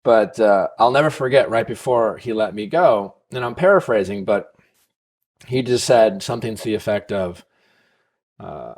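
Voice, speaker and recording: A man's voice: lowish voice, normal speed, darkish tone. A man hosting a podcast, casually telling a long personal story, full of fillers and tag questions. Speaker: podcast host.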